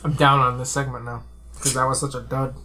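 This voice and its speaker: A man's voice: medium pitch, level tone, fairly quick, pushed and bright. A man co-hosting a podcast, bantering crudely and mocking himself. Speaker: podcast co-host. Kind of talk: casual chat.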